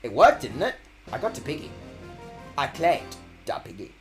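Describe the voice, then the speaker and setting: A man talks his way through a video game in a loose, joking ramble, cursing now and then. His pitch sits a bit high and swings a lot. Quiet game music plays underneath. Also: big pitch swings, normal speed. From Australia. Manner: playful, rambling, swears freely. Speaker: streamer. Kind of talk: casual game-stream commentary.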